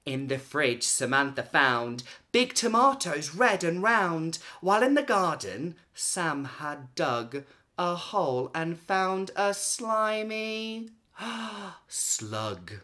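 A woman reading a children's picture book aloud, expressive, with dramatic pauses and hushed gasps. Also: lowish voice. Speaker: children's storyteller.

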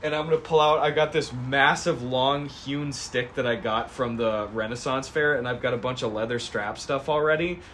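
A young man streaming from his garage, casually pitching a comedy sketch and acting out both sides of the scene. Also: slight background noise. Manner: animated, acts out both sides of the scene in quick voices.

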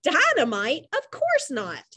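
A woman voicing a calm, businesslike hospital nurse in a storybook reading. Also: high voice, slow pace, pitched above the performer's own voice, heavily acted. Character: brisk adult hospital nurse, calm and practical.

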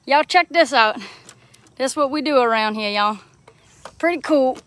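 A woman's voice: sits high, animated, moderate pace. A young woman from Louisiana with a Southern accent, chatting to her viewers as she works on a boat on a bayou, talking into a phone. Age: young adult. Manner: chatty, greets viewers, talks while working. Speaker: vlogger, crawfisher. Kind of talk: live-streamed outdoor vlog. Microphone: phone held while working.

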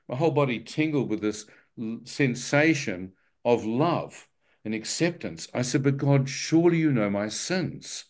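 A guest speaker with a middle-pitched voice recounts his testimony to a live church congregation, unhurried. He tells it vividly and with animation, acting out his own thoughts and adding wry, self-deprecating jokes.

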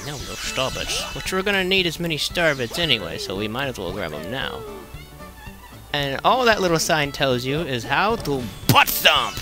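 A man's voice: medium pitch, very animated, normal speed. A man casually commenting as he plays a video game, goofy and playful, with sing-song repetitions. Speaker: let's play commentator. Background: game music.

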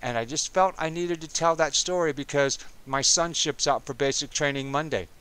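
Animated, profane man in his fifties telling a tale. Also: on the high side, normal speed, clean tone. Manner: animated, profane, dramatic retelling. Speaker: army veteran storyteller. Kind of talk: casual spoken storytelling.

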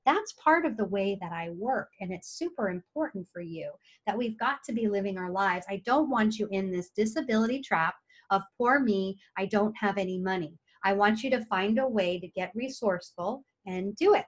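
This middle-aged woman works as an occupational therapist and coaches to camera in a lively, talkative way, voicing what her clients tell themselves. Her voice sits in the mid range and she keeps a moderate pace.

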